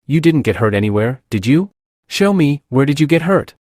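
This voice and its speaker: A man's voice: fairly high pitch, big pitch swings, normal speed, a little mellow, dry recording, studio quality. A man reading the lines of an eager, caring young girl in a story recap.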